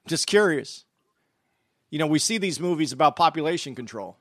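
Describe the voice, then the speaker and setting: Hedging comedian, slightly high voice. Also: male voice, expressive, normal speed, fairly bright tone, no echo, studio quality. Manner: hedging, keeps repeating that he is just asking. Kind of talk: casual podcast chat.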